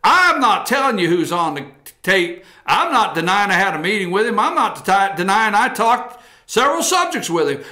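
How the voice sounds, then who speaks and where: A man's voice: high voice, bright, forceful tone, heavily acted. A man playing an indignant politician dodging questions. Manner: indignant, evasive. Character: defiant male politician dodging a reporter.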